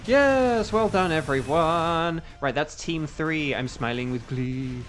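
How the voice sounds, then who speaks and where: Streamer: young English man, slightly higher voice, rambling casual chat, faint game music under him. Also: expressive, takes it slowly, a bit bright. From England. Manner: chatty, rambling, hums to himself while playing. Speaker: gaming streamer.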